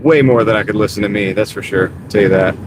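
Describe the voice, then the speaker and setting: A man's voice: lowish voice, fast talker. Rambling male driver streamer. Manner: rambling, easygoing, many fillers. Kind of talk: casual live-stream chat. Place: inside a car while driving. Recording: car noise in background.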